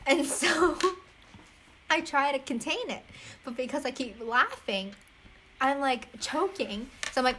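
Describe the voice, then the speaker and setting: Chatty high-voiced teen girl. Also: normal speed, a bit bright, slight background noise. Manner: chatty storyteller, heavy use of "like", often laughs. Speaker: podcast co-host. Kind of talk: casual chat.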